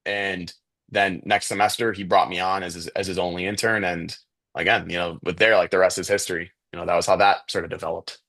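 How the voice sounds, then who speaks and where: A man's voice: low voice, brisk, no room sound. A young man from Chicago, a student photographer, telling his story casually as a podcast guest with lots of fillers and restarts. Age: young adult. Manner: relaxed, chatty, many fillers and restarts.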